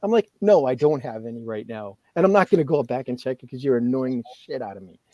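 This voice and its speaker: A man's voice: mid-range voice, lively intonation, fast talker, dark tone, dry recording, dull audio. A man, a podcast co-host, ranting in casual chat and swearing now and then.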